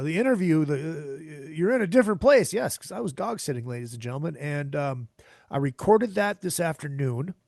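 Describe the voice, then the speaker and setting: A man's voice: fairly high pitch, vocal fry, a little mellow, dry recording, clean studio sound. A man from Minnesota hosting his own podcast from home, talking in a loose, rambling way with many fillers and restarts. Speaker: podcast host. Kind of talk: casual chatty show intro.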